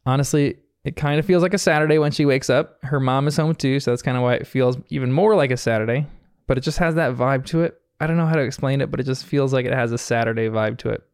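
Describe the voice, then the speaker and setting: A man's voice: mid-range voice, fast, clean tone, dry recording, studio quality. An American man hosting a podcast, talking in an earnest, reflective way as he recaps a cartoon episode, chuckling often. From United States. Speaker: podcast host.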